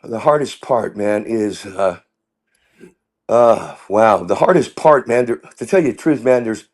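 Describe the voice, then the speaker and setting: A stand-up comedian guest telling rambling, tangent-filled stories in casual chat. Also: male voice, fairly low pitch, animated, measured pace, darkish tone. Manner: rambling, tangent-prone, full of restarts and voices.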